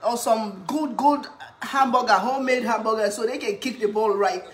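A woman chatting casually in an eating vlog, humming with pleasure between bites and cheering when something catches her eye, then giving a playful pitch for her own products. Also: normal speed. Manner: chatty, talks while eating, hums with pleasure, bursts into cheers. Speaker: cooking vlogger.

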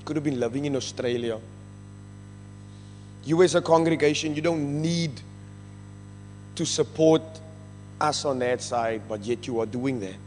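A man's voice: mid-range voice, a little slow, long pauses, a little mellow. A South African man stands before a congregation and gives an earnest, emotional testimony, slipping between English and Afrikaans. His voice rings out through a large, reverberant church hall, with faint music underneath. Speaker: rehab ministry member giving thanks.

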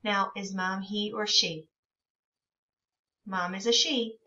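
A woman teacher leading a reading lesson for young children, encouraging them and reading words out very slowly. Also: mid-range voice, steady tone, pushed and bright, far from the mic. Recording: dull lo-fi sound from a bit away from the mic.

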